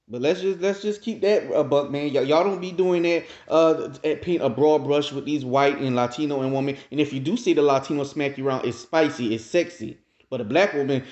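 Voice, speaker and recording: A man's voice: mid-range voice, darkish tone. A man hosting his own commentary video, ranting emphatically and talking straight to his viewers. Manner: addresses viewers directly. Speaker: commentary channel host. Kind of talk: casual reaction commentary. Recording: roomy, dull lo-fi sound.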